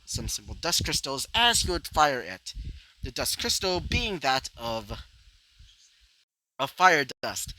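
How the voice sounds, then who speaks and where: Rambling male storyteller, bright lively voice. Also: mid-range voice, no room sound, low-quality recording. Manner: rambling, full of "you know" fillers. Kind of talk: improvised fan-fiction narration.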